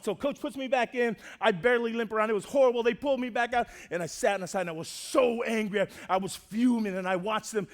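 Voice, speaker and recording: Male preacher, higher voice, animated storytelling sermon, swings loud to hushed. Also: fast talker, few pauses. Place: church.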